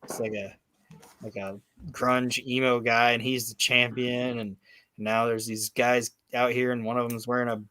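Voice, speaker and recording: A man's voice: mid-range voice, normal speed, clear, resonant tone, dry recording. Rambling, profane man recapping wrestling. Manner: rambling, profane, animated storytelling with many fillers. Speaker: podcast host recapping wrestling. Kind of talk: casual chat.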